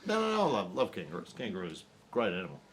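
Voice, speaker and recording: Laid-back low-voiced Australian man. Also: huge pitch swings, fast, a bit bright, a little hiss or hum. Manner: laid-back, lots of short agreeing replies. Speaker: avid golfer co-host. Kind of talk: casual chat.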